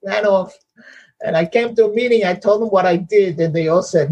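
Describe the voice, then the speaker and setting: A man speaking at a recovery meeting in a high, gravelly voice. He talks bluntly and repeats himself for emphasis, laughing at his own story. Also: normal speed, darkish tone, poor audio. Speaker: meeting member sharing.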